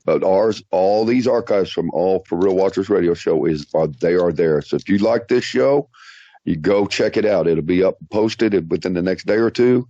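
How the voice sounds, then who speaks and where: A man's voice: low-pitched, mellow, no room sound, muffled recording. A man with a Southern Texan accent co-hosting a radio show in a folksy, effusive way. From Texas. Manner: folksy and effusive, calls people sweetheart and darling. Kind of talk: casual talk radio chat.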